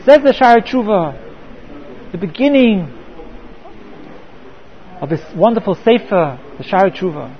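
A man's voice: high-pitched, very animated, unhurried, long pauses, dull audio. A man teaching a Torah class, often repeating words and mixing in Hebrew terms.

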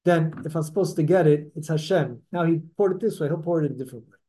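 A man's voice: a little high, quick pace, dark tone. A man teaching a Torah class to a small group, talking conversationally, correcting himself mid-sentence and putting questions to his listeners. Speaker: religious teacher.

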